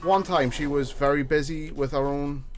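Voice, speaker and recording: A man's voice: fairly high pitch, steady tone, normal speed. A man streaming a game, telling a story in a ranting, profane way. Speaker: gaming streamer. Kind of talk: casual gameplay chat.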